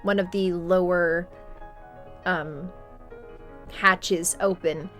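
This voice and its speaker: A young woman narrating a tabletop game as game master, relaxed, with frequent ums and laughs. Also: fairly low pitch, very slow, soft background music.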